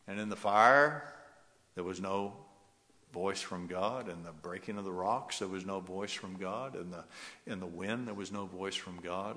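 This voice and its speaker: A man preaching a sermon, swinging from loud rising exhortation to hushed, soft passages. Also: low-pitched, normal speed, long reverb tail. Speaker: pastor.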